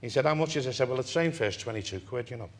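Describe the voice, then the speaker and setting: An older man from England, a talk-show guest telling a long story in an animated way and laughing through it. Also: mid-range voice, racing. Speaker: interview guest. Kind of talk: anecdotal storytelling.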